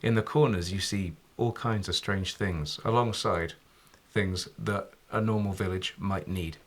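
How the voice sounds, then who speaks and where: A man's voice: deep voice, steady tone, a little slow. A man narrating a tabletop game as game master, describing scenes with hesitant fillers.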